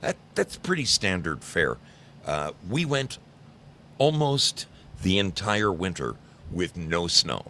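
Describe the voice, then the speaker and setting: Low-voiced guy in his 60s, from new jersey, talks to his stream chat, lively ups and downs, jokey and rambly. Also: takes it slowly, slight background noise. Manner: rambling, teasing, chatty storyteller. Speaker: livestream host. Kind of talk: casual chat with live chat viewers.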